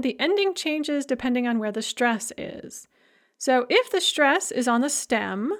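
A woman teaching a grammar lesson, explaining clearly in English and reading out careful Russian examples. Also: a little high. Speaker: language teacher.

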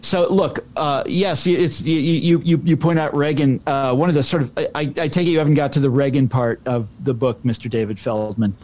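A man's voice: medium pitch, steady tone, brisk, few pauses, darkish tone. A man appearing as an author guest, answering at length with thoughtful, stumbling restarts. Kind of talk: interview answer.

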